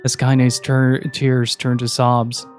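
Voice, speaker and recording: A man reading a story aloud in a steady, measured narration. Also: mid-range voice, faint music behind.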